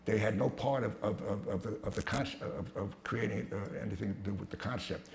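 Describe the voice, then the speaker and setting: An older man with a low, gravelly voice tells brash, profane stories in front of a crowd. He stumbles and restarts often. The sound is echoey and carries a faint hiss. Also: steady tone, fairly quick, darkish tone. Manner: profane, blunt, with many restarts and stammers. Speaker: speaker at a talk. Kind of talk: anecdotal storytelling talk. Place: hall with a live audience. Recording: echoey hall with some noise.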